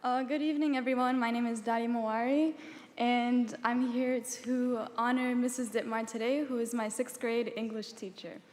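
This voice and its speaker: A woman's voice: on the high side, steady tone, normal speed, darkish tone. A young woman honoring her former teacher at a ceremony, emotional and laughing through tears as she speaks. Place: large auditorium. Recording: long reverb of a large hall, crowd noise.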